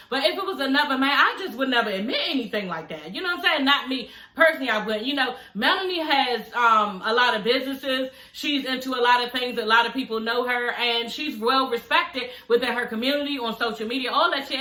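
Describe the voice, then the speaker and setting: A woman's voice: high-pitched, bright, forceful tone, roomy sound. A woman, recapping a reality TV show in a casual chat, sassy and blunt, swearing and laughing often.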